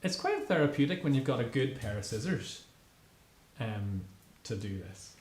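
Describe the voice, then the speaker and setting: A man, a father hosting a casual family livestream from his kitchen, gentle and a little hesitant as he guides the children. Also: mid-range voice, sing-song, moderate pace. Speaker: host, father. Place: home kitchen. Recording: echoey kitchen with clicks.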